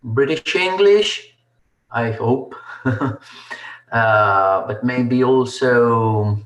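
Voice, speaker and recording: Slow, hesitant man in echoey room. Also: medium pitch. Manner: hesitant, unsure, halting. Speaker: student.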